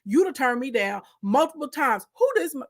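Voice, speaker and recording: A woman's voice: high-pitched, big pitch swings, normal speed, full character voice. A woman voicing a scheming, lustful rich wife who turns indignant when refused.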